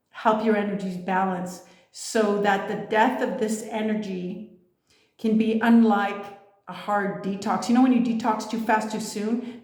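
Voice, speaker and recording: A woman's voice: mid-range voice, darkish tone, roomy sound. A woman giving a casual motivational talk as a spiritual coach, blunt and emphatic, with frequent swearing.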